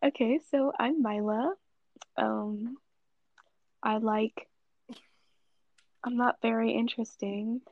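Slow-talking laughing teenage girl. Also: fairly high pitch, steady tone, dry recording, phone-quality sound. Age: teens. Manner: laughs a lot, slow and hesitant. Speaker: podcast co-host. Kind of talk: casual chat.

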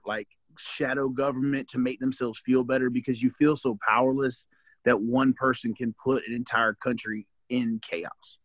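Here a podcast co-host, a middle-aged Southern American man, talks in a mid-range voice during relaxed conversation. He presses his points emphatically with frequent restarts, and the recording has no room sound.

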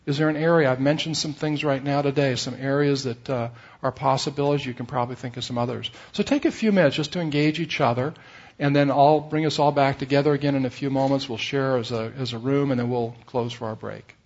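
Man, mid pitch, seminar leader giving instructions, dull lo-fi tape. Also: steady tone, quick pace, a little mellow. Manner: instructive, guiding the room through activities. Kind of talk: leading a marriage seminar.

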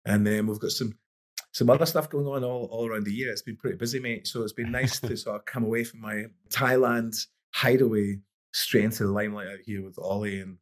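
Speaking briskly in a lowish, fairly even voice, a middle-aged man who coaches boxing shares stories on a podcast. The talk is easygoing and conversational, wandering with frequent restarts.

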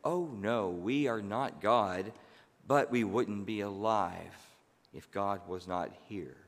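Ancient, majestic giant trees, as a man puts them on speak slowly and solemnly in a storybook sermon. The pace is very unhurried. A long hall reverb carries the words. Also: fairly low pitch. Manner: slow, solemn speech.

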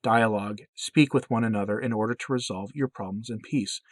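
A man voicing a gentle, patient, motherly heavenly woman who speaks in calm, pleading exhortations. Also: lowish voice, fairly quick, no room sound, lightly acted. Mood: gently pleading.

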